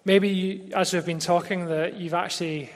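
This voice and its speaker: A pastor gently inviting his congregation into prayer, speaking slowly and reflectively at the close of a sermon in a church service. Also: sits high, steady tone. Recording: long hall reverb with music behind.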